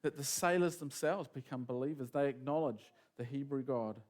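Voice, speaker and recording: A man preaching a sermon in a casual, animated storytelling manner, acting out quotes as he goes. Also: medium pitch, moderate pace.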